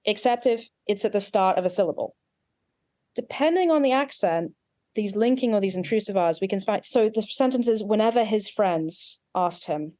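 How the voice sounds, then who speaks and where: A woman dialect coach explains tongue, jaw and vowel placement in a patient, technical way. Her voice sits at an ordinary middle pitch. The recording is dry and close, with no room sound. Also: a little mellow, no room sound. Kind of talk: accent coaching session.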